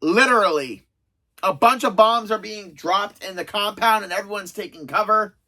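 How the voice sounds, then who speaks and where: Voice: medium pitch, normal speed, pushed and bright. A reviewer in their thirties talking through a countdown of favourite TV episodes in a casual, rambling way, full of self-aware sarcasm. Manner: chatty, self-described sarcastic, rambling with restarts. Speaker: video reviewer.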